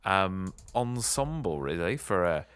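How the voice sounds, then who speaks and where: A man's voice: deep voice, very animated, slow pace, fairly bright tone, clean tone, dry recording. A man hosting a podcast, casually chatting about a movie, musing and hesitant while he thinks. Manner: musing, hesitant when guessing. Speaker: podcast host. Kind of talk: casual film review chat.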